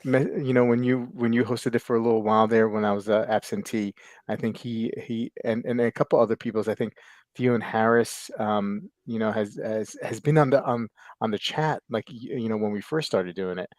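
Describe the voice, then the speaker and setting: A man's voice: on the low side, fairly even intonation, fairly quick, darkish tone, dry recording, clean studio sound. An American man in his thirties hosting a casual livestream podcast, rambling with many fillers and restarts as he greets chat viewers. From United States. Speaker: podcast host.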